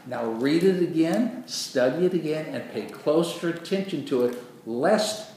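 Earnest, animated preacher in an echoey hall. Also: male voice, fairly high pitch, measured pace, hardly any pauses. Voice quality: dry throat after surgery. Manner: earnest, animated, acts out quoted voices. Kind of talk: sermon. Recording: echoey room, far from the mic, noisy.

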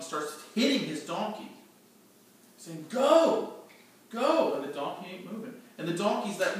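A man's voice: fairly high pitch, fairly bright tone. A man teaching a storytelling Bible lesson to a group, acting out scenes and quizzing his listeners. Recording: echoey room, distant mic, faint noise.

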